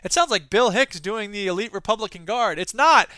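A man's voice: high voice, expressive, fairly quick, pushed and bright, dry recording. A male host reading news stories and breaking in with sarcastic comic asides. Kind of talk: comedic news commentary.

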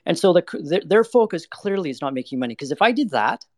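A man's voice: a little high, big pitch swings, fast talker, darkish tone, dry recording. A man being interviewed about energy investing, talking bluntly and candidly, with lots of "like" and "you know.". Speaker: energy investment manager guest.

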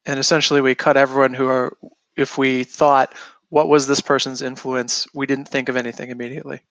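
A man's voice: mid-range voice, little pitch movement, fairly quick, fairly bright tone, no room sound, low-quality recording. A man speaking in a level, matter-of-fact way during a casual chat.

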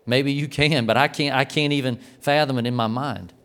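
Man, earnest worship teaching, resonant smooth voice, reflective and plainspoken. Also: medium pitch, steady tone, normal speed, fairly bright tone. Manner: earnest, reflective, with small restarts. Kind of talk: devotional teaching talk.

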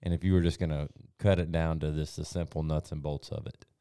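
A man's voice: very deep voice, flat delivery, a little fast, warm tone, clear, resonant tone, no room sound, clean studio sound. A man co-hosting a casual conversation, asking long, laid-back questions.

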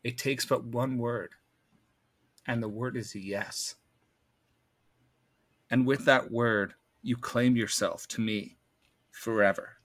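A man voicing a dark female goddess who claims souls, speaking low and quietly. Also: steady tone, slow, long pauses. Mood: ominous.

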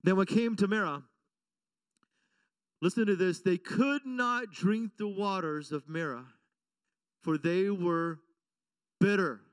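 In a church, a pastor with a high-sitting, clean voice preaches slowly with frequent pauses, recorded far from the mic with no room sound. His sermon is emphatic and repetitive, and he keeps checking in with the congregation through call-and-response questions.

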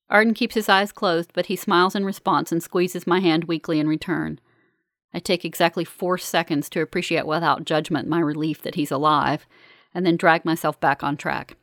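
A woman reading a first-person story aloud in a calm, measured, earnest way. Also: on the low side, no echo, studio quality. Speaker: narrator. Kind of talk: first-person audiobook narration.

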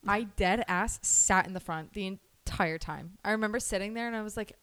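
A woman's voice: mid-range voice, normal speed, a bit bright, smooth, no echo. Casting note: young woman, giggly chatty co-host, mid-range voice. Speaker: podcast co-host. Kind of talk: casual chat.

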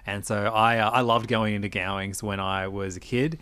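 A man's voice: lowish voice, fairly even intonation, moderate pace, fairly bright tone, smooth, dry recording. A man with an Australian accent telling stories in casual chat, rambling with lots of fillers and restarts and swearing freely.

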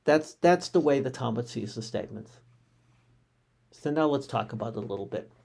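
Brief: male teacher, mid-pitched, calm and explanatory, restarts phrases as he reasons through a text lesson. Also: creaky. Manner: measured, explanatory, repeats phrases with small restarts.

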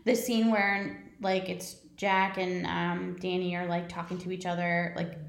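A woman with a slightly low voice chats loosely about films, rambling and swearing casually. She sounds like a podcast co-host caught in a roomy, echoing space. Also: level tone, unhurried, vocal fry. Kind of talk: casual movie chat. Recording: roomy echo.

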